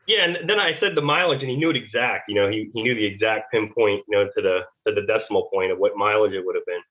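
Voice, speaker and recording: A man, a former Navy serviceman, telling his story as a podcast guest in a halting, rambling way. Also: fairly low pitch. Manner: rambling, halting, retells dialogue. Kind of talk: casual interview storytelling. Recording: tinny phone-like line.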